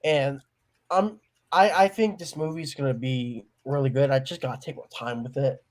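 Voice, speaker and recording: A man's voice: medium pitch, moderate pace. A young man talking about his own film during a livestream, eager and hesitant, with many restarts. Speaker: guest filmmaker. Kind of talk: casual livestream chat.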